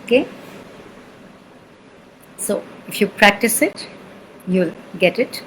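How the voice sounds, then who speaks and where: Woman, Indian accent, sound-healing teacher, unhurried, repeats and checks in, mid pitch. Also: lively intonation, fairly bright tone, slight background noise, poor audio. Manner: slow, patient teaching, repeating syllables and checking in with "okay?". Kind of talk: spoken lesson with chanting demonstrations.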